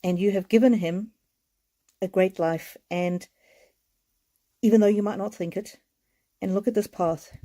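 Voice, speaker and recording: A woman giving a live oracle card reading, speaking in a gentle, heartfelt way, repeating her words and sounding tearful. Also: mid-range voice, fairly even intonation, unhurried, pauses often.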